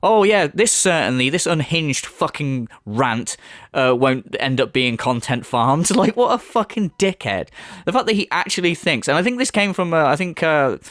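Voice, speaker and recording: A sarcastic man rants through a mocking commentary, swearing freely. His pitch sits a touch high and swings widely as he scoffs. The sound is close and dry. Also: big pitch swings, moderate pace, a bit bright, no echo. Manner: sarcastic, swears heavily, mocks in put-on voices. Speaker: commentary video host.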